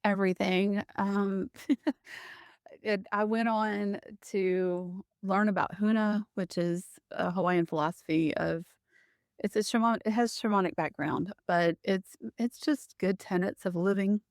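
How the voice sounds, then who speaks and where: A middle-aged woman telling a personal story as a guest, animated and often breaking into laughter. She restarts her sentences as she goes. Her voice sits mid-range and sounds close and dry. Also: medium pitch, unhurried, no room sound.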